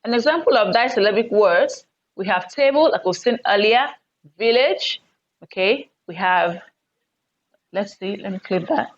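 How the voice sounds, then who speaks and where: A woman teaching an online lesson. She speaks deliberately and repeats words for emphasis. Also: mid-range voice, lively intonation. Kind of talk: recorded online English lesson. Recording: dull lo-fi recording.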